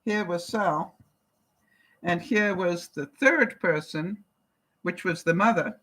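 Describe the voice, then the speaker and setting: A woman's voice: mid-range voice, a bit bright, poor audio. An older woman from Canada talks casually to her viewers as she answers their comments. She chats along easily, laughs often and keeps asking her audience questions. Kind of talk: casual live-chat talk.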